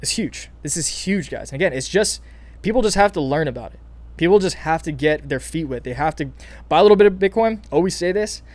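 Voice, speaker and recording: A young man talks through crypto market moves in casual commentary. His voice sits a little high and stays keyed up, and he often restarts his sentences and keeps addressing viewers as "you guys". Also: no room sound. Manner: excited, hyped, many fillers and restarts, calls viewers "you guys". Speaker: crypto channel host.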